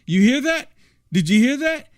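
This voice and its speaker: A man's voice: very high voice, very animated, normal speed. A man hosting a political commentary show, reacting to clips in a rambling, repetitive, indignant rant.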